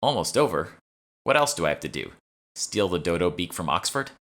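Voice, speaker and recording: A man's voice: deep voice, big pitch swings, a little fast, fairly bright tone, exaggerated voice. A man voicing a young woman game developer who asks dry, wry questions.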